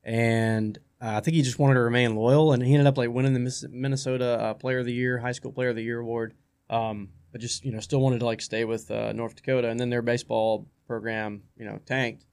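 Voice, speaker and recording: A man hosting a radio sports talk show in a studio, chatting casually and rambling, often repeating his words as he gets excited. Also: medium pitch, fairly quick, smooth.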